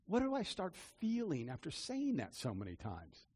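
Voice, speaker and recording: An older man preaching a personal testimony, earnest and repetitive, swinging between loud declarations and hushed confessions. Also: sits high, wildly swooping pitch, normal speed, breathy edge. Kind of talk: testimony-style sermon.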